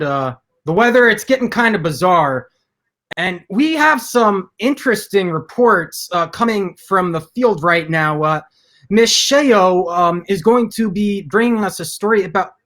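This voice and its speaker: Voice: mid-range voice, fairly bright tone. An improv performer playing a news anchor, talking in exaggerated, scolding anchor patter. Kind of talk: improv comedy.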